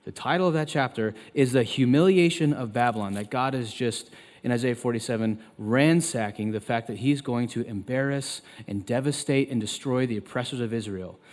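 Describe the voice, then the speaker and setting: A man in his thirties preaching a sermon as pastor, turning loud and emphatic when he quotes scripture. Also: moderate pace. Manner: emphatic, loud and high when quoting God. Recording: long reverb of a large hall.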